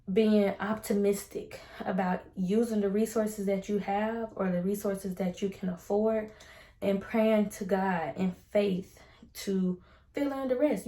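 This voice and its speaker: Upbeat woman vlogger, mellow voice, casual chatty hair-tutorial talk in a roomy space. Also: medium pitch. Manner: chatty and upbeat, uses Southern US slang. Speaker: beauty vlogger. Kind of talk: casual chat with devotional talk. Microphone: ring light setup at home.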